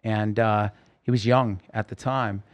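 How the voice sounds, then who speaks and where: A man's voice: fairly low pitch, fairly even intonation, measured pace. A man telling his life story as a podcast guest, acting out the voices of people he quotes. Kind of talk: storytelling interview. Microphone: podcast microphone.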